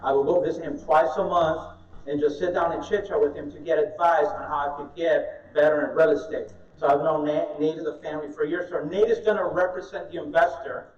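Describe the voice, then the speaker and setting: A man giving a live presentation at an investor meetup, an animated storyteller who jokes with the audience. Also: on the high side, fairly quick. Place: meeting room with an audience. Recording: echoey room, distant dull mic.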